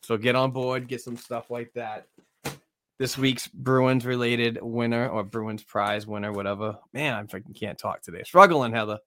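A man's voice: medium pitch, steady tone, moderate pace, pushed and bright, a little hiss or hum. A man hosting a sports podcast in casual chat, laid-back and rambling through thanks and sign-offs. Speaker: podcast host.

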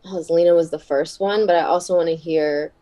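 A woman guest in a casual interview, chatty and quick to laugh, with many fillers. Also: lowish voice, fairly even intonation, warm tone, low-quality recording. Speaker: wrestler and podcast guest.

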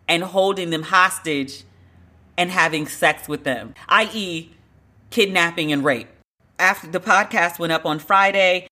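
A woman's voice: deep voice, sharp tone. A woman podcast host giving casual, blunt commentary on celebrity news, swearing and joking wryly as she reads. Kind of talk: casual pop culture commentary.

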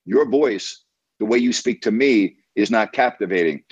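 A man's voice: fairly low pitch, moderate pace, slightly rough, dry recording, highs cut off. A man hosting a sports radio show, coaching a caller in an emphatic, repetitive, lecturing way.

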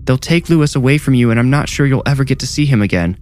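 A man's voice: mid-range voice, fast talker, darkish tone, pitched above the performer's own voice, lightly acted. A man voicing a pleading headmistress. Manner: pleading, urgent, tender. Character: stern middle-aged orphanage headmistress.

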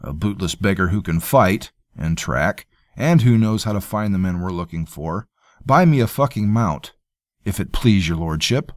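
A man's voice: low-pitched, animated, normal speed, no echo, studio quality. A man voicing a bold, stubborn young male commoner tracker who talks bluntly and plainly.

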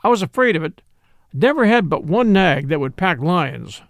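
A man's voice: high voice, very animated, normal speed, dry recording, studio quality. A man voicing a stubborn, insistent male frontier guide in a read-aloud western story. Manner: insistent, matter-of-fact.

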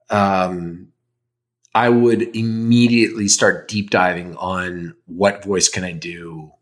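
Candid, rambling man, lowish voice. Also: fairly bright tone. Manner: rambling, candid, swears casually. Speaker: podcast host, actor. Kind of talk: casual chat answering fan questions.

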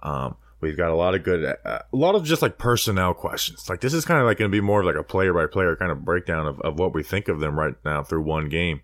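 Deep-voiced joking male podcast host. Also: expressive, fast, hardly any pauses, fairly bright tone, no room sound, clean studio sound. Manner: jokey, loose, lots of fillers. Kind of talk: casual sports podcast chat.

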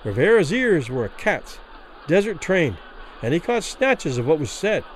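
A man's voice: fairly high pitch, moderate pace, a little hiss or hum, poor audio. A man narrating a classic short story in a dramatic audiobook reading. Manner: expressive, dramatic.

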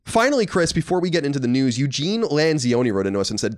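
Lively, opinionated podcast host man. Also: mid-range voice, fast talker, hardly any pauses. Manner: animated, opinionated, swears casually. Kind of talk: casual chat and news rundown.

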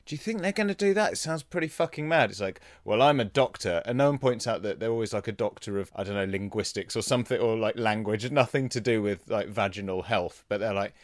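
A man's voice: fairly low pitch, quick pace, hardly any pauses, no room sound, clean studio sound. A man hosting a podcast in casual chat, laughing often and thinking aloud with small restarts. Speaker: podcast host.

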